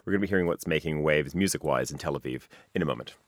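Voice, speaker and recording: Very deep fast-talking man radio host. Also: music in the background. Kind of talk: casual studio banter.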